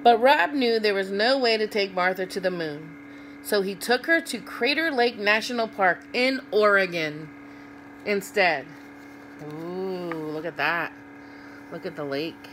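A woman reads a picture book aloud to children at an unhurried pace. She pauses to ask her young listeners what they see in the pictures. A faint hum sits beneath her voice. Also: mid-range voice, a bit bright, low-quality recording. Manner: asks young listeners questions about the pictures. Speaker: children's read-aloud host.

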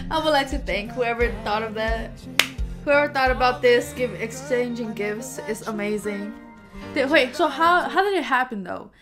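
High-voiced gushing young woman reactor. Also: moderate pace, music in the background. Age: about 20. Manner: excitable, gushing, lots of "bro" and "oh my God". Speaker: YouTube reactor. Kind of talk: reaction video commentary.

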